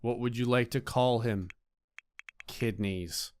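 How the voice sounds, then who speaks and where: A man giving sarcastic, comedic commentary over a life-sim game, often jumping into silly high voices. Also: takes it slowly, a little mellow. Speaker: gaming channel host.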